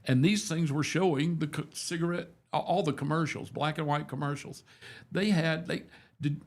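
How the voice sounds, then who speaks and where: A man's voice: on the high side, steady tone, normal speed. A man in his seventies, a radio host, telling rambling, self-deprecating stories in a casual, folksy chat. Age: 70s.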